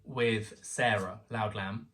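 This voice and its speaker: Excitable young man telling a story. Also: on the low side, slow, recorded from a distance, slight background noise. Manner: excitable, animated storyteller who acts out quotes. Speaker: guest. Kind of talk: casual storytelling chat.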